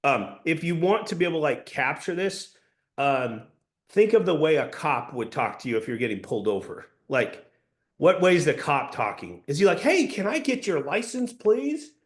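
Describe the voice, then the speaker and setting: A man's voice: mid-range voice, lively intonation, normal speed. A man giving a sales training talk to his team, emphatic and repeating key points so they can be written down.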